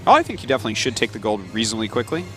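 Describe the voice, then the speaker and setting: A man casting a strategy game match live, calling the action in an upbeat, animated play-by-play. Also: lowish voice, rapid-fire. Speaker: esports caster.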